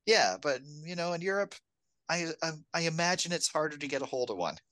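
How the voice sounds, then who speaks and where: A co-host talks through a film plot on a relaxed podcast, mid-range in pitch. The humor is wry, and laughter comes easily. The recording is dry, with no room sound. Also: brisk, dry recording. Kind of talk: casual film discussion.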